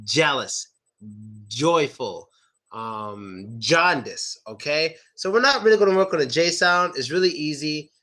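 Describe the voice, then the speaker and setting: A young man teaching pronunciation in a loose, chatty way, stretching out sample words to show how they sound. His voice sits a little high and swings up and down a lot as he demonstrates. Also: expressive, unhurried, pushed and bright, soft background music. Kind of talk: casual online lesson.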